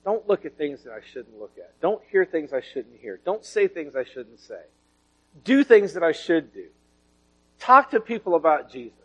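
A man's voice: fairly high pitch, sing-song, moderate pace, fairly bright tone, husky. A man, preaching a sermon full of personal testimony and told in a folksy, storytelling way. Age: 40s. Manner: folksy storytelling with laughter and swings in volume. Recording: dull lo-fi recording.

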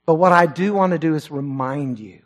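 A male preacher with a notably high voice delivers a sermon to his church. He swells up loud and high on the scripture quotes, then drops to a low, hushed tone for his personal asides. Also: normal speed. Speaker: pastor.

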